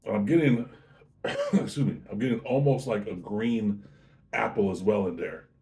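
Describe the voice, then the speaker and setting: Casual male host for a tasting review, warm low-key delivery, chatty and unhurried. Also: expressive. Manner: chatty, easygoing, self-correcting.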